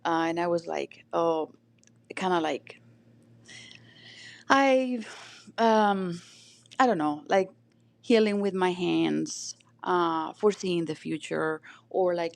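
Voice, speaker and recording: A woman's voice: on the low side, slow pace, gravelly, long pauses, dry recording. A woman from Chile with a Chilean Spanish accent, talking as a podcast guest in a reflective, storytelling way with many fillers. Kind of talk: casual conversation.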